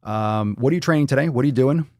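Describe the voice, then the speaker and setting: A man's voice: medium pitch, fast talker, mellow, no room sound, clean studio sound. A man hosting a casual livestream podcast, talking loosely and swearing freely while reading chat comments aloud. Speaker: podcast host. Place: indoors at home.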